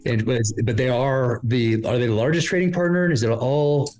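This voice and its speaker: A man hosting an interview, asking questions in a halting way with many pauses and restarts. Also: mid-range voice, darkish tone, faint music behind. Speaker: interviewer host.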